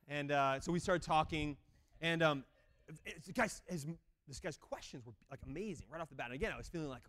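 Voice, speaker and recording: A man with a fairly high voice tells a testimony as a lively story. He swings between loud, excited bursts and quiet asides, often poking fun at himself. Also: fairly quick. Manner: self-deprecating humor. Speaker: speaker sharing a mission testimony. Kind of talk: storytelling talk.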